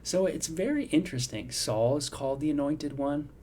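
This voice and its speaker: Warm-voiced man teaching a Bible devotional. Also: on the high side, expressive, normal speed, slight background noise. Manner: conversational, reflective, frequent "you know" and "right?". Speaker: devotional host.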